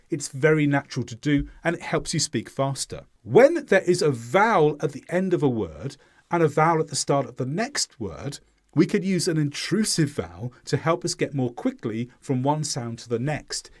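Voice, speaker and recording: A man with a British accent teaching English pronunciation in a scripted lesson, speaking clearly and slowly demonstrating sounds. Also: on the high side.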